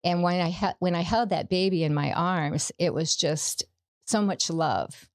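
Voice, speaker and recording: A woman's voice: fairly low pitch, a little slow, no room sound, studio quality. A middle-aged woman, a podcast guest, giving a personal faith testimony in an earnest storytelling way, acting out the quoted dialogue.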